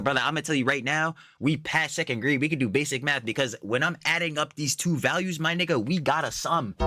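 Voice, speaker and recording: A man's voice: mid-range voice, bright, forceful tone, dry recording, studio quality. A young man giving heated, profane, exasperated reaction commentary full of slang.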